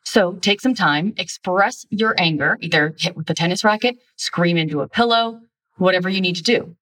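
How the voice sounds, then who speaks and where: Woman coach, low-ish voice, direct and emphatic, a little away from the mic. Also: moderate pace, fairly bright tone, distant mic. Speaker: relationship coach. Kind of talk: instructional self-help talk.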